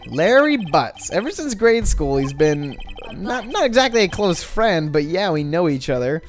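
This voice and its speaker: A woman voicing a young male lawyer in a dry, wry, flat manner during a game playthrough. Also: on the low side, normal speed, soft background music.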